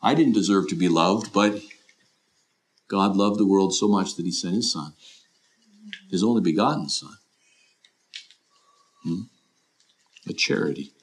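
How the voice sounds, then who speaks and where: A man's voice: low voice, measured pace, pauses often. A middle-aged man preaching a sermon in an earnest, questioning way, often voicing imagined listeners. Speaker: pastor.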